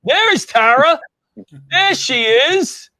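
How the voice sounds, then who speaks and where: Man hosting talk show, high pitched, bright sharp tone, chummy upbeat banter, dry sound. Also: expressive, takes it slowly, no room sound. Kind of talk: casual interview chat.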